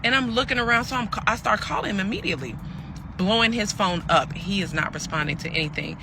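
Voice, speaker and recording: A man's voice: high-pitched, animated, fast, gravelly, music in the background. A man voicing a weary, aggrieved pregnant woman. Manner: chatty, addresses listeners as y'all, acts out quoted lines. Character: pregnant young woman telling her story, weary and hurt. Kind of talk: storytelling monologue.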